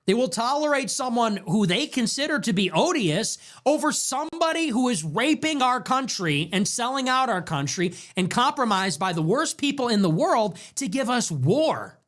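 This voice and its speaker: A young man hosting his own show, delivering an impassioned political commentary monologue full of rapid rhetorical questions. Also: very high-pitched, a bit bright. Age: young adult. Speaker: show host.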